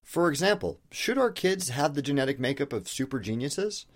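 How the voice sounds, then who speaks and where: A man's voice: a little high, sing-song, normal speed. A man hosting an educational video, delivering a scripted explainer with emphatic, rhetorical questions and casual asides. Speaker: host of an educational video channel.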